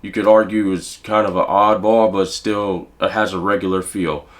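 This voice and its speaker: Male drum instructor, lower register, casual explainer who counts rhythms aloud. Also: fairly even intonation, moderate pace. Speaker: drum teacher.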